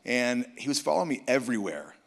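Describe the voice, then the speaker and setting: A man's voice: medium pitch, very animated, quick pace, creaky. Man telling a testimony in a big hall. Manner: storytelling, quoting others in dialogue. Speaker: worship musician. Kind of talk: testimony at a conference. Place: large conference hall. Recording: reverberant hall.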